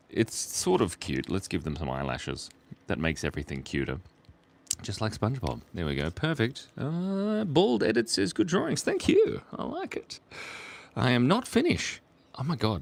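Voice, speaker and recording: An Australian man streaming live, chatting playfully with his viewers while he draws and murmuring softly as he sketches. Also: sits low, creaky. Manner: playful, reads chat aloud, murmurs softly while drawing. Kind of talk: live-stream drawing chat.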